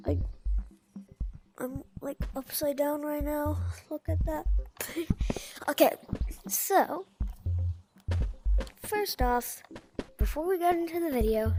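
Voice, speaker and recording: A young girl chatting casually through a gameplay video, rambling and stopping to calm her crying dog. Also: sits high. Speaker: gaming video creator. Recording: game music playing behind.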